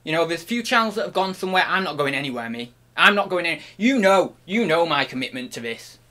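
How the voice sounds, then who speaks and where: Male vlogger, jokey and over the top, bright tone, lots of pitch swing. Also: very animated, fast. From United Kingdom. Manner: playful and mock-grandiose, swinging between loud outbursts and hushed murmurs; talks while chewing an apple. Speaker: online reseller and channel host. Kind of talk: comic vlog monologue.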